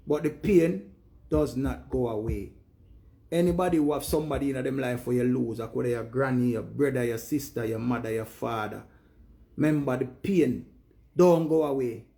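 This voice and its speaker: A man's voice: medium pitch, gravelly, warm tone. A man with a Jamaican accent giving an earnest, preachy monologue in Patois to his viewers. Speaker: live streamer.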